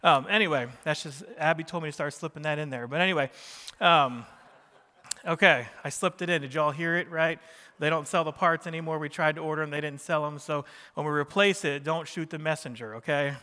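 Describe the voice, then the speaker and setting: A man's voice: fairly high pitch, fairly quick, bright, forceful tone, big-room sound. A man preaching a sermon in a church, talking casually with the congregation and joking with them as he goes. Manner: conversational preaching with jokes and questions to the congregation. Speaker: pastor.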